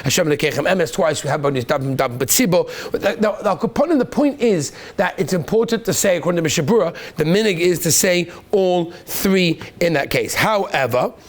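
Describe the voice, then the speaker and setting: A man teaching a lively classroom lesson as a rabbi, quizzing students by name and praising their answers. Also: fairly high pitch, normal speed, few pauses.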